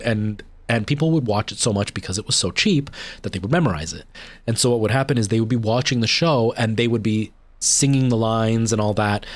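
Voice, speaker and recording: A man's voice: mid-range voice, no echo. A man chatting casually on a livestream while he games, rambling through a long story with many fillers and restarts. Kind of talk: casual chat while gaming.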